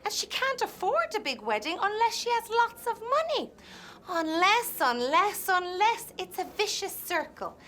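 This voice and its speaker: A woman's voice: very high-pitched, very animated, measured pace, pushed and bright, a little hiss or hum, heavily acted. A woman playing a fretful, chatty maid who pleads and confides, repeating herself in a comic TV sketch. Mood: pleading.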